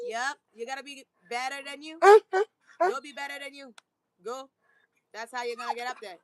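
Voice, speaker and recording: A woman's voice: medium pitch, moderate pace, long pauses, dry recording. A young woman vlogging in casual, rambling chat, switching to sing-song praise when talking to her dogs.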